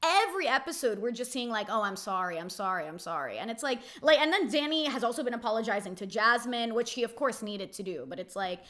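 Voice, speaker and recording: Woman host, reality recap; bright, slightly high voice; chatty, opinionated, filler-heavy delivery. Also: quick pace, hardly any pauses. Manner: chatty, frequent "like", quotes cast members in mocking voices.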